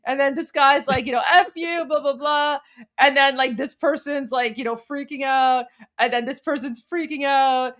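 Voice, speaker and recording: A woman co-hosting a casual political chat, animated and laughing as she reads posts aloud. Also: high-pitched, moderate pace. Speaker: co-host.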